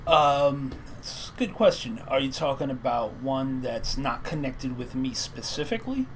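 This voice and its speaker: A man who is a psychic medium co-hosting a live stream from home, easygoing and quick to agree. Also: mid-range voice, animated, a little hiss or hum. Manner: easygoing, short agreeing replies. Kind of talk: casual live-stream chat.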